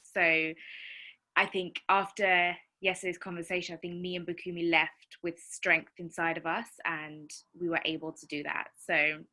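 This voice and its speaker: A woman chatting excitedly on a group video call, rambling with many fillers. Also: on the low side, normal speed. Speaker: call participant. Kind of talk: casual group-call chat.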